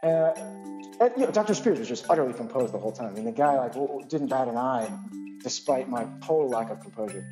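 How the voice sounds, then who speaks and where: A male physician telling a personal anecdote in an animated, self-deprecating way, full of asides. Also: medium pitch, fast, music in the background.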